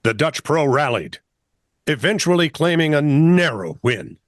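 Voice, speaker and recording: Higher-voiced chatty man co-hosting. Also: animated, a little slow, no room sound, studio quality. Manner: chatty, laughs often, reads headlines. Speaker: co-host. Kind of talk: casual news banter.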